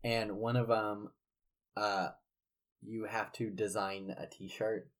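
A man's voice: lowish voice, flat delivery, slow. A young man co-hosting a podcast, telling stories in casual chat, rambling with lots of fillers. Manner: rambling storyteller with many fillers. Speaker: podcast co-host.

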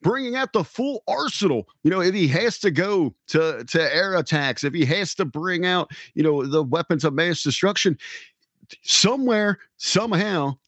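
An indignant man co-hosting a political podcast who lectures and often restarts his sentences. His voice sits a bit high and sounds husky. The recording is close and dry. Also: animated, normal speed, a bit bright, no echo. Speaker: podcast co-host. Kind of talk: heated political talk.

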